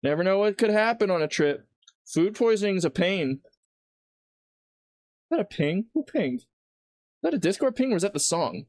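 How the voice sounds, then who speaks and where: A man's voice: sits high, big pitch swings, moderate pace, long pauses, a little mellow, no echo. A man livestreaming while he cooks at home, rambling casually and laughing at his own jokes. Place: home kitchen.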